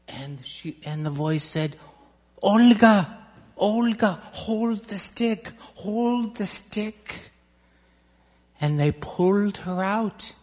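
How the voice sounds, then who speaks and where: A speaker telling a family story to children during a church service, asking them questions along the way. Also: mid-range voice. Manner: slow, questioning the children, dramatic pauses. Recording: long reverb, large hall.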